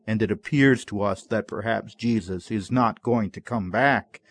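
A male pastor delivers a sermon at an unhurried, measured pace. His voice sits at an ordinary middle pitch and sounds close and dry, with no room echo. He builds toward emphatic climaxes. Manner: slow, measured preaching with rising emphatic climaxes.

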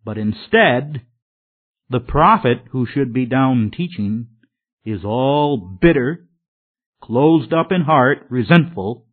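A man's voice: mid-range voice, lively intonation, slow pace. A man preaching a sermon in an earnest, emphatic way, his voice swelling and dropping. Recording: tinny phone-like sermon recording.

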